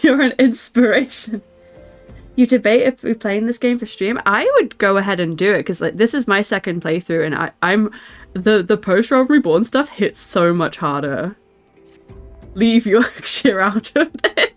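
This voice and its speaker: A woman's voice: mid-range voice, moderate pace. Giggly woman chatting on a live stream. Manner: giggly, chatty, answers chat warmly. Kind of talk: casual live-stream chat. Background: faint music.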